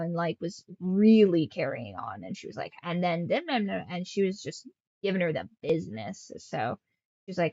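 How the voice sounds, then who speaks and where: In a casual livestream chat from a room at home, a young woman, a streamer and author, rambles in baby talk to her pets. She speaks at a moderate pace with a fairly low voice; there is no room sound, though the lo-fi stream audio is slightly dull.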